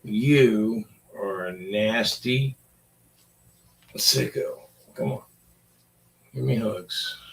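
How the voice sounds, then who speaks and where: Forties guy, gravelly voice, drawls along slow, swears a lot, chats to his dog. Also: fairly low pitch. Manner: profane, rambling, talks to his dog. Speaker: vlogger. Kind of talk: casual rambling chat.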